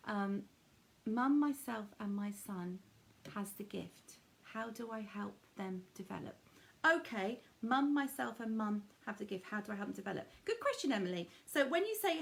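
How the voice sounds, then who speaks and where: A woman's voice: mid-range voice, expressive, normal speed, vocal fry. A woman giving a live-streamed psychic reading, speaking in a soothing, intimate way full of endearments.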